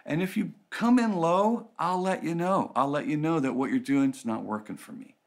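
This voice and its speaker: A man giving a conversational teaching talk on relationships, telling stories and acting out quoted voices with lively shifts. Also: on the high side, normal speed, vocal fry.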